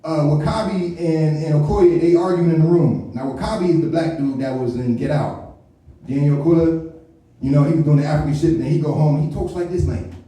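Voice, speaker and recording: A male comedian works a club stage, swearing freely and slipping into mock voices as he riffs. His voice sits a little high but has a mellow, dark tone. He is picked up from a distance, and a big echoing room rings behind every line. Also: a little fast. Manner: loose, swearing, slangy storytelling with mock impressions. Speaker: stand-up comedian. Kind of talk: live stand-up set. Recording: echoey venue picked up from a distance.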